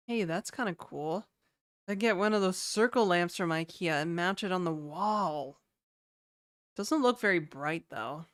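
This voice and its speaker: Slow-talking, laid-back woman streamer. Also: fairly low pitch, lively intonation, no room sound, clean studio sound. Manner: laid-back, slangy, sighing and chatting to viewers. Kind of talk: casual live-stream chat.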